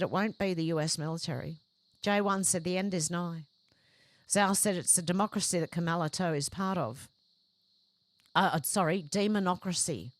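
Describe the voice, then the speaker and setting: A woman hosting a livestream, reading out viewers' chat comments one after another and adding short conversational reactions of her own. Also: medium pitch. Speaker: livestream host.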